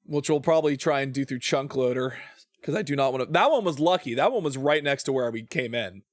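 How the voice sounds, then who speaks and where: A man's voice: medium pitch, expressive, a little fast, dry recording, studio quality. A man streaming a video game, talking to himself and to chat, groaning and sighing over what he has lost. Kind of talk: casual gaming livestream commentary.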